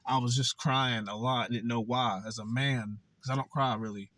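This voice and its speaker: A man's voice: medium pitch, fairly even intonation, moderate pace, fairly bright tone, no echo. A young man vlogging, telling a candid personal story in a blunt, profane, conversational way.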